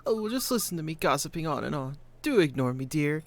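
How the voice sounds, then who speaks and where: A woman's voice: sits low, animated, fast, slight background noise. Gossipy old neighbor lady. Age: older. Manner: soft-spoken, fussy, gossiping. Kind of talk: video game voice acting.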